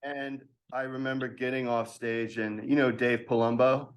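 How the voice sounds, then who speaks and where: In a casual interview, a thirtysomething podcast guest animatedly relates something from his past, laughing as he imitates the voices of others. He speaks in a mid-range voice at a moderate pace.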